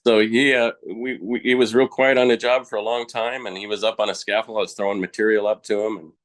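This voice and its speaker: A man's voice: fairly low pitch, steady tone, fast talker. A man, a podcast guest, telling his personal story in a frank, colloquial, plainspoken way.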